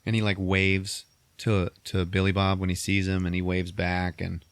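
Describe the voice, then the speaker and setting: Low-voiced man telling a movie story. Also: normal speed, clear, resonant tone, dry recording. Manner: animated storytelling, swearing, acting out characters in squeaky voices. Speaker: podcast host recapping a movie. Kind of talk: casual chat.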